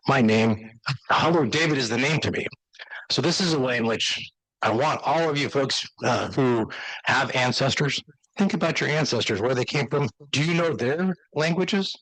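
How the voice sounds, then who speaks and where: A man giving an enthusiastic, conversational slide lecture to an audience as a university teacher. He talks in a loose, halting way with many restarts. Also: medium pitch, a bit bright, no echo, rough recording.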